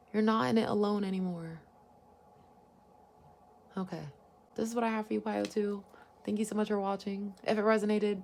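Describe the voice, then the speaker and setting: A woman with a mid-range voice reads tarot cards for her viewers. She talks in a loose, wandering way, thinking out loud and swearing casually. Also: mid-range voice, creaky. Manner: meandering, informal, musing aloud, swears casually. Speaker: tarot card reader. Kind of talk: intuitive pick-a-card reading.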